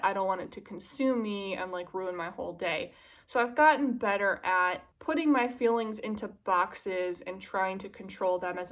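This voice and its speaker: A woman's voice: mid-range voice, a bit bright. A young woman vlogger chatting casually to the camera, confiding and self-mocking, drifting into earnest musing.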